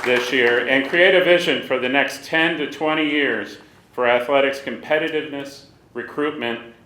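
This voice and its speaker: A man's voice: mid-range voice, pushed and bright. A man delivers a formal, scripted welcome from a podium, reading each line carefully. His voice carries the echo of a large conference hall. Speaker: university official introducing the new director. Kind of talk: prepared welcome speech. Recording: echoey hall.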